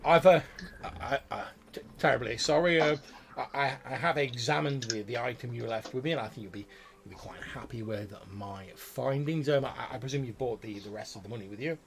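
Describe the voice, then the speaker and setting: Fussy imperious wizard, flustered and stammering, voiced by a man, raised and gravelly. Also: mid-range voice, normal speed, natural voice.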